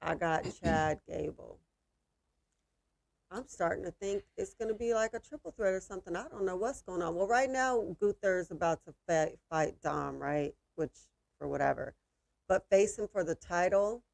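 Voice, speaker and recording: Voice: medium pitch, normal speed, creaky, no echo. A co-host on a casual live watch-party stream, blunt and dismissive, who also reads out questions from the chat.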